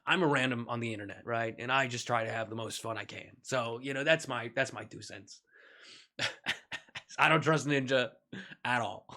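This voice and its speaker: A man's voice: mid-range voice, normal speed, gravelly, bright, forceful tone. A man streaming a game, talking in a casual, rambling way full of jokes and tangents. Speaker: gaming streamer. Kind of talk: casual gaming stream commentary.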